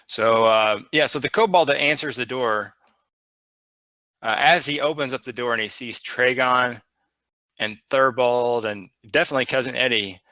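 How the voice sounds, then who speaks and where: A man narrating as game master of a tabletop game, rambling and halting with many fillers. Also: mid-range voice, pushed and bright, no room sound.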